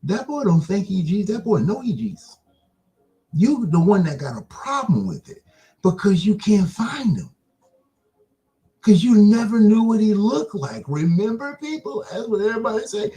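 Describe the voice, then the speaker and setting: A man hosting an online broadcast, delivering an impassioned religious monologue with rapid-fire rhetorical questions that taunt the listener. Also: sits high, sing-song, dark tone.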